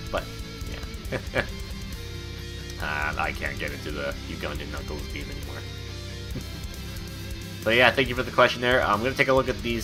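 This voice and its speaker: A young man hosting his channel's podcast, rambling through viewer questions and laughing between thoughts. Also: on the low side. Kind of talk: casual chat answering viewer questions.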